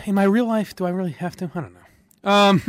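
A man's voice: sits high, moderate pace, dry recording, clean studio sound. A man hosting a sports radio podcast, chatting casually with strong opinions, rambling and laughing often. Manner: rambling, animated, laughs often, restarts sentences.

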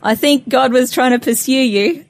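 A woman's voice: high voice, moderate pace, no room sound. A woman hosting an interview, prompting the guest and recapping his story. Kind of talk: radio interview.

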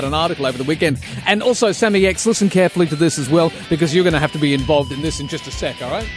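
A man's voice: fairly high pitch, animated, faint music behind. A man hosting a radio show, with playful, cheeky banter. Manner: playful, cheeky, quick to joke. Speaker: radio host.

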